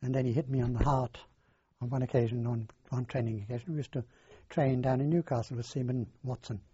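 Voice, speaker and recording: An older man, recounting his past in a halting, rambling way in an oral history interview. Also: mid-range voice, steady tone, mellow, husky. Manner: halting, rambling storyteller with many fillers. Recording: dull lo-fi dry recording.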